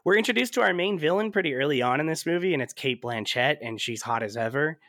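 A man hosting a casual movie-review podcast, animated and laughing often, with plenty of fillers. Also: on the high side, quick pace, no echo, studio quality. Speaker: podcast host.

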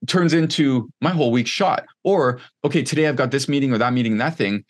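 A man's voice: mid-range voice, expressive, a little fast. A man in his thirties, a podcast guest, talking in a casual, candid and rambling way, with lots of "like" and the odd swear word. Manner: candid, rambling, heavy use of "like", occasional swearing. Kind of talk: casual conversation.

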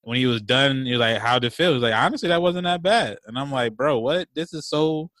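Bright, dry-sounding young man chatting. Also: mid-range voice, fairly quick, dry recording. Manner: laid-back, chiming in, slangy. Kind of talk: casual chat.

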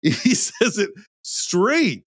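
A man talks movies in relaxed podcast banter, emphatic and quick to make his point. His pitch swings widely as he gets into it. The sound is dry and close, with no room echo. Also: husky. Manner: animated, emphatic, swears casually. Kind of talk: casual film discussion.

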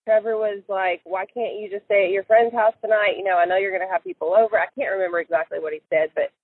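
Woman interviewee, halting and filler-heavy, thin phone-line sound, dry. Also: mid-range voice, fairly even intonation, no room sound. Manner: hesitant, many fillers and restarts. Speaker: interviewee recalling events. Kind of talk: casual recorded interview.

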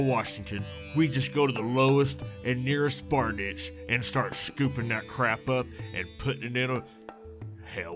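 A man playing a hammy infomercial pitchman with a put-on Texan drawl. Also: natural voice. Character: gravelly southern male cult-like water salesman.

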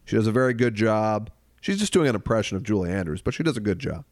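A man co-hosting a podcast, chatting loosely about movies with quick jokes, bursts of mock singing and frequent laughter. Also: fairly low pitch, big pitch swings, darkish tone, no echo, studio quality. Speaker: podcast co-host. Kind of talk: casual comedic movie chat.

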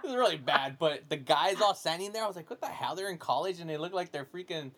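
A man's voice: on the high side, lively intonation, fast, fairly bright tone, a little hiss or hum. A man hosting a podcast in casual chat, rambling with lots of "like" and frequent laughter. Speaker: podcast host.

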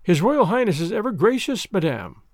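A man's voice: high-pitched, sing-song, normal speed, no echo, clean studio sound. A man voicing a witty aristocratic young lady with a playful, demure manner. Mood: arch.

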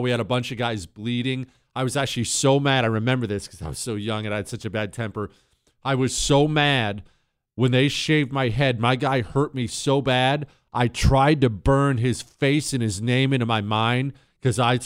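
Recorded dry with studio quality, this mid-range male voice is a middle-aged talk show host from Montana spinning a personal yarn. His monologue is conversational and wry, livening up noticeably when he yells the drill instructor's lines.

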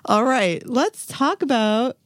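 A woman's voice: on the high side, lively intonation, slow, dry recording, clean studio sound. A woman from Bolivia, a native Spanish speaker, co-hosting a podcast with playful, laughing banter. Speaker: podcast co-host. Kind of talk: casual chat.

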